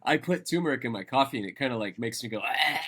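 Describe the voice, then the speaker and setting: A man's voice: medium pitch, lively intonation, racing, a bit bright, husky. A man co-hosting a podcast in casual chat, rambling and laughing often. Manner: laughing, rambling, self-interrupting. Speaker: podcast co-host.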